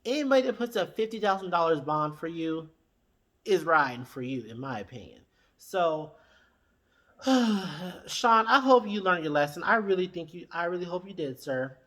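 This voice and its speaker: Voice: mid-range voice, expressive, moderate pace, a bit bright. A reviewer giving casual, sassy commentary, talking straight to the people on a reality show and acting out their lines.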